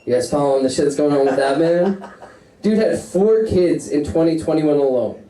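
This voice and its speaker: A man's voice: fairly high pitch, expressive, moderate pace, crowd noise. A man doing a crude, rambling stand-up set on stage before a live audience, laughing at his own jokes. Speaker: stand-up comedian. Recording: roomy sound, mic at a distance.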